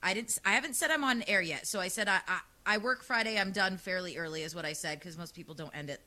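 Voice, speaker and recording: A woman radio host with a loud, sassy, animated way of talking, telling a dating story in casual chat. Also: mid-range voice, fast.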